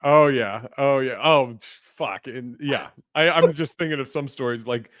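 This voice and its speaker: A man's voice: mid-range voice, measured pace, fairly bright tone, no echo. Man hosting a podcast, casual and profane, laughs a lot, dry close sound. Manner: loose, profane, laughing storyteller. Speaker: podcast host.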